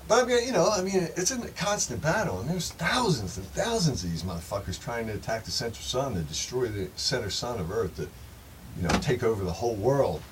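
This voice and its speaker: A man's voice: mid-range voice, big pitch swings, a little fast. A man telling a rambling first-person story to his viewers, emphatic and profane, often calling them folks. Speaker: channel host. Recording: distant mic with faint background noise.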